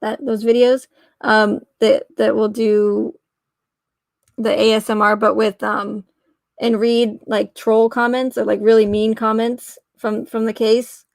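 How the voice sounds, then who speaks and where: A woman's voice: a little high, little pitch movement, a little slow, creaky, dry recording. A woman hosting a casual livestream, reading aloud and rambling, often trailing off, correcting herself and laughing. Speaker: livestream host.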